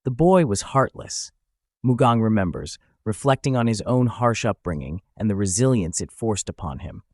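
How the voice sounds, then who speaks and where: A man narrating a comic recap in a lowish voice. He tells it with lively, rising and falling pitch. The sound is dry and close to the mic. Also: moderate pace, dry recording.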